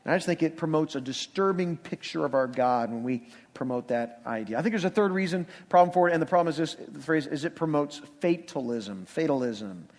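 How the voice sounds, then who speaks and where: A man's voice: fairly high pitch, animated, fairly quick, hardly any pauses. A male pastor preaching a sermon in a church, conversational with emphatic rhetorical questions. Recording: long reverb of a church hall.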